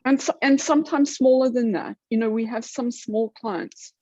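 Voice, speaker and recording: A husky South African woman with a British-tinged accent, speaking in a chatty way on a video call. Her voice is dry and close, with slightly dull audio. She often repeats a word before getting going. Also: fairly high pitch, normal speed, mellow, dry recording. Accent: older British-style South African. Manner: chatty, repeats words when starting. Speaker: branding firm member. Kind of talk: networking meeting talk.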